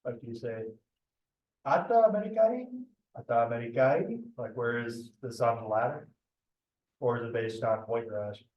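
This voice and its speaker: A man's voice: mid-range voice, little pitch movement, a little fast, muffled recording. Male student on a video call, unsure and searching for words, roomy echo. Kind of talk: asking questions in an online class.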